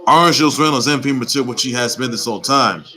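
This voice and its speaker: Hosting his own sports report, a man with a mid-range voice races through casual, rambling commentary, repeating himself and urging teams on emphatically. His tone is pushed and bright, and the recording quality is low.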